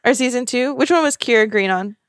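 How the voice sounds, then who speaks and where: A woman co-hosting a podcast in casual chat, chatty and quick to laugh. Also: a little high, no echo, clean studio sound. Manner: laughs often, chatty and animated. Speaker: podcast co-host.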